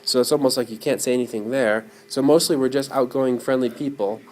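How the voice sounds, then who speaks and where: A man giving a classroom lecture, animated and often putting questions to his students. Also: mid-range voice, fairly quick.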